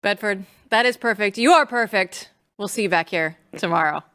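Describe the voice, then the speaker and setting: A woman hosting a news talk show, bantering with a guest and reading an ad in a brisk, upbeat way. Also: medium pitch, fairly bright tone, smooth. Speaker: host.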